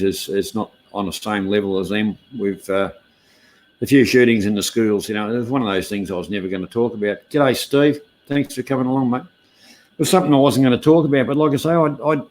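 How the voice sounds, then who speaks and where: A middle-aged man hosts a casual livestream chat. He talks haltingly, with many fillers and restarts, and greets viewers by name as they join. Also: fairly low pitch. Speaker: livestream host. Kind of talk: casual live-stream chat.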